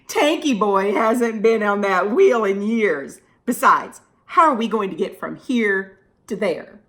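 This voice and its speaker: A woman's voice: medium pitch, expressive, takes it slowly. A woman voicing a skeptical pair of scissors in a children's storybook. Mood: doubtful. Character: doubtful loud pair of scissors.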